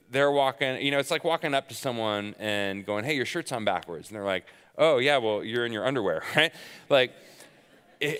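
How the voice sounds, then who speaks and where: A man's voice: mid-range voice, fairly bright tone, clear, resonant tone. Man preaching in a reverberant hall. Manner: conversational storytelling with self-deprecating humor. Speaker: pastor. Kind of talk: sermon.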